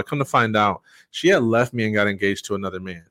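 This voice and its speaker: Middle-aged man, low voice, dry close sound, candid guest sharing his story. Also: fairly bright tone, smooth, no room sound. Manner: earnest and candid, halting with frequent fillers. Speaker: podcast guest. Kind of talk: personal story in conversation.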